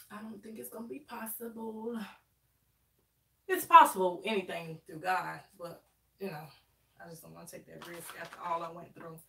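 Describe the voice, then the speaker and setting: A woman's voice: lowish voice, gravelly, a bit bright, slight background noise. A woman in her thirties chatting casually with viewers on a live stream while doing her hair, talking to them as y'all. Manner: chatty, addresses viewers as y'all, dialect grammar. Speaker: livestream host. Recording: echoey room, mic at a distance.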